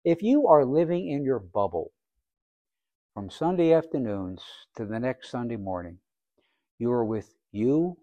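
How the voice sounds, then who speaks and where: A man preaching a sermon as pastor, asking rhetorical questions and acting out little scenes, swinging between quiet and loud. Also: mid-range voice, lively intonation, unhurried, no echo, highs cut off. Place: church sanctuary.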